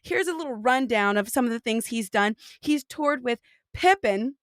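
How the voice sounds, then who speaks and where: A woman's voice: on the high side, expressive, moderate pace, no echo, clean studio sound. A woman hosting a podcast interview in casual, bubbly, teasing chat, gushing over her guest. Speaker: podcast host.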